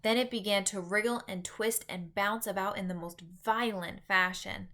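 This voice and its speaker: A woman teacher reads a children's story aloud, her narration expressive and dramatic. Her voice is bright. She tells the story with lively emphasis. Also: mid-range voice, moderate pace.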